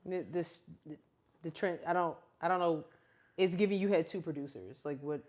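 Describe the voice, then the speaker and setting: A woman's voice: lowish voice, normal speed. Chatty woman podcast co-host. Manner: animated, laughing, slangy banter. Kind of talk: casual chat.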